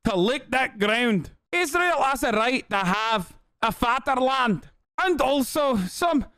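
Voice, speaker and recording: A man putting on a mocking, high, sneering impression of a woman commentator in a put-on Scottish accent. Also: expressive, slow, sharp tone, smooth, no room sound, studio quality, heavily acted.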